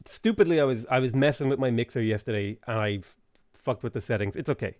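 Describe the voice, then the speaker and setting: A man streaming a strategy game live, thinking aloud in a relaxed way with frequent ums. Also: medium pitch, fast, dry recording, clean studio sound. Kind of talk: live gameplay commentary.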